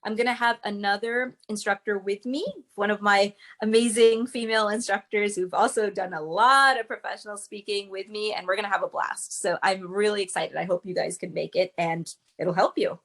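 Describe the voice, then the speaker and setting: A woman's voice: medium pitch, fairly even intonation, moderate pace, few pauses, a bit bright. A woman speaking as a guest, a public speaking coach explaining with emphatic, teacherly energy. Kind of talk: interview guest.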